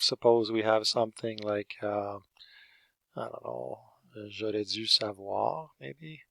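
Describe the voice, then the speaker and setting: Slow, gravelly-voiced male English teacher. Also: mid-range voice, fairly bright tone, dry recording. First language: French. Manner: explains step by step, checks in with "okay?" and "eh?". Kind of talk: teaching a grammar lesson.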